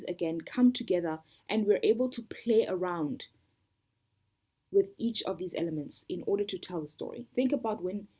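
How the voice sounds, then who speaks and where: A woman teaches a storytelling workshop in a low, slightly breathy voice. She works through a list of terms and defines each one in turn, in a steady, deliberate way. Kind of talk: instructional talk.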